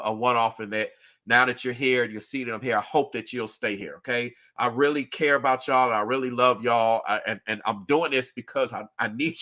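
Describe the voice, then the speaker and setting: In his livestream commentary, a man talks straight to viewers, repeating points often in an earnest, emphatic way. His voice is medium-pitched, bright and pushed.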